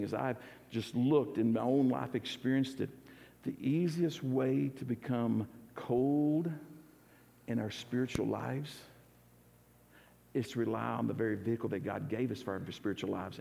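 A man from the United States preaches a sincere, conversational sermon as a pastor, frequently restarting his sentences. His voice is medium-pitched, gravelly and dark in tone. The recording was made in a church hall with a long reverb.

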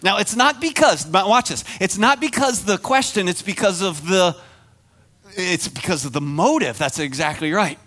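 A man giving a conversational sermon as pastor, animated and acting out the voices in the story. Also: sits high, normal speed.

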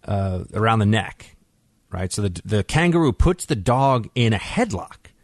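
A man's voice: lowish voice, sing-song, a little slow, no echo, studio quality. A man hosting a talk radio show, chatting casually and giving his opinions, often restarting his sentences. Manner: conversational, frequent restarts, opinionated. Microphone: studio microphone.

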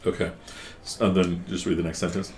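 A man's voice: deep voice, flat delivery, fairly quick, a little hiss or hum. A man teaching a one-on-one class, explaining patiently and asking guiding questions.

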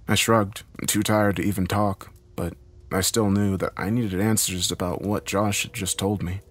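Deep-voiced man narrating a horror story. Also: level tone, moderate pace.

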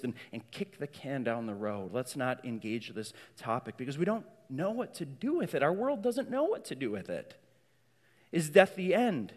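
A man preaching a sermon as pastor, emphatic and prone to repeating words as he goes. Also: a little high. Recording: long hall reverb.

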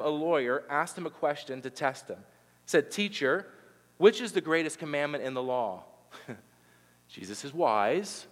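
A man giving a sermon as pastor, moving from loud, emphatic preaching to soft, intimate appeals to the congregation. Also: on the high side. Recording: long reverb of a large hall.

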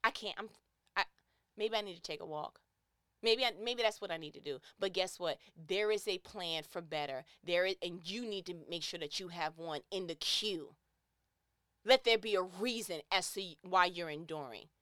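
A woman's voice: on the low side, moderate pace, fairly bright tone, no echo, clean studio sound. A woman giving an impassioned, preachy motivational monologue, emphatic and repeating phrases to drive her point home.

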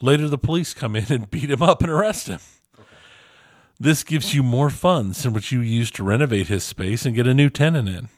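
A man's voice: mid-range voice, expressive, normal speed, dry recording. A man co-hosting a casual podcast, chatting and reading a listener's review aloud with dry, self-deprecating asides. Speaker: podcast co-host.

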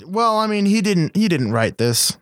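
Man, slightly high voice, dry close mic, sarcastic, profane, casual podcast banter. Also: big pitch swings, moderate pace, dry recording. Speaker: podcast co-host. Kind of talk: casual movie review chat.

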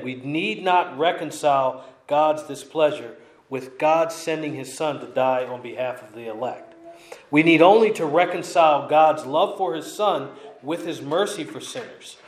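Emphatic preacher with a raised pitch. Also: male voice, roomy sound. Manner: emphatic, repeats key lines. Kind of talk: expository sermon.

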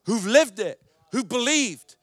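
Man, pastor, sermon, very high voice, dry sound. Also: expressive, slow, dry recording. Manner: emphatic preaching with repetitions and mimicked voices.

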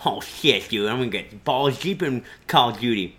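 A man's voice: medium pitch, expressive, moderate pace, a bit bright, lightly acted. A man putting on the voice of a nerdy young male gamer who talks with a lisp. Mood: excited. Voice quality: lisping.

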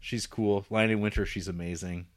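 A man's voice: on the low side, fairly even intonation, moderate pace. A man co-hosting a film podcast, talking casually and profanely, laughing and acting out scenes with sarcasm. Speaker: podcast co-host reviewing films.

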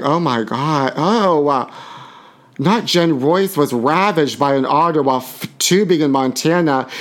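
Guy doing a sassy gossip podcast, reads tabloid bits, cracks himself up. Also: on the high side. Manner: reads tabloid items aloud with sassy asides and giggles. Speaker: podcast host. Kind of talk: campy gossip commentary.

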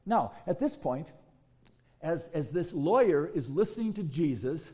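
Male pastor, high and mellow voice, lively storyteller delivering a sermon. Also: unhurried. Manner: animated storytelling with rhetorical questions.

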